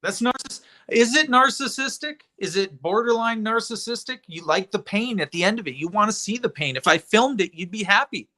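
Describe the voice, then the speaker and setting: A man hosting a livestream, talking in a rambling, indignant, animated way. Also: sits high, a little fast, hardly any pauses. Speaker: livestream host. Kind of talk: casual livestream chat.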